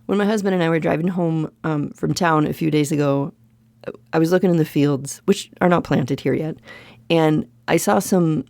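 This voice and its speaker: Middle-aged woman, solo podcast host, frank and emphatic, low-ish mellow voice, dry close sound. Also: normal speed, vocal fry, no echo. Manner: candid, emphatic, repeats points for stress.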